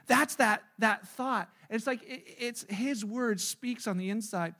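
A middle-aged man preaches a sermon in a loose, conversational way and slips into the voices of the people he quotes. His speaking voice sits unusually high for a man. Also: brisk, fairly bright tone. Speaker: pastor.

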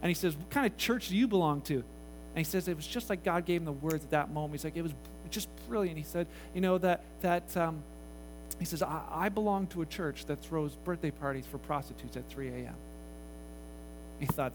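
Guy preaching, telling a story and doing all the voices, kinda high voice, bit of hum behind. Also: brisk, low-quality recording. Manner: animated, acts out voices in the story. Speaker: pastor. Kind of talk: sermon storytelling.

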